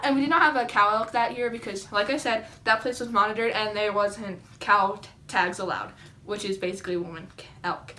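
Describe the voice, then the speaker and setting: Bright, excitable young woman vlogger. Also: fairly high pitch, fast, slight background noise. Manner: chatty, excitable, lots of "like" and dramatic quoted reactions. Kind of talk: casual storytelling to camera. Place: indoors at home, seated.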